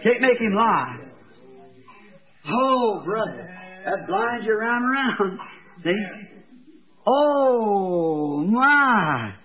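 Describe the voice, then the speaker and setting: A man preaching a fervent sermon, his voice swinging between soft, pleading stretches and loud ones. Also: high-pitched, sing-song, extremely slow, pauses often, narrow, tinny audio.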